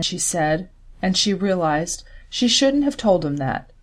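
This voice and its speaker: A woman narrating a historical novel in measured, even storytelling. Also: fairly low pitch. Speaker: audiobook narrator. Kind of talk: scripted narration.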